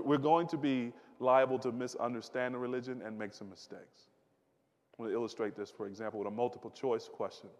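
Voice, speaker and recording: A man delivers a sermon in a chatty, conversational way, doubling up his words and putting questions to the audience. His voice sits at an ordinary pitch for a man. The long reverb of a large hall rings behind him. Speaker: pastor.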